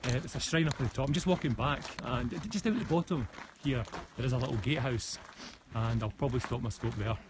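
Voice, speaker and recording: A man's voice: medium pitch, fast talker, few pauses. A man from Scotland with a West of Scotland accent, chatting casually on a live stream while walking a forest path outdoors, answering comments with frequent restarts. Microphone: phone held while walking. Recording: outdoor phone stream with clear background noise.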